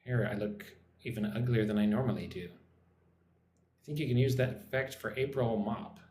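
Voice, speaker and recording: A man's voice: medium pitch, normal speed, darkish tone. A man from Texas, an English teacher, chatting casually and playfully on a live stream. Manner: playful, chatty, amused exclamations. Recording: roomy echo, faint background noise.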